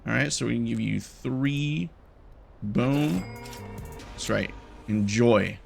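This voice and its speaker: A man's voice: mid-range voice, takes it slowly, creaky, soft background music. A young man giving casual, jokey and nervous commentary while playing a game, talking to its characters. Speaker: gaming YouTuber.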